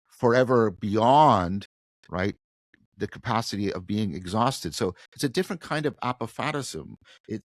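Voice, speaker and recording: A man with a low voice talks through big ideas in a podcast interview, pushing his emphasis up and pausing to restart his phrases. The sound is dry and close, with no room around it. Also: dry recording. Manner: thoughtful, animated, frequent restarts and self-corrections. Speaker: guest philosopher.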